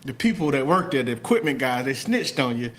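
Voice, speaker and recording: A man hosting a podcast interview, asking a question in a halting way, stumbling and repeating words. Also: mid-range voice, sing-song, fairly bright tone, slight background noise. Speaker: podcast host. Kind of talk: casual interview.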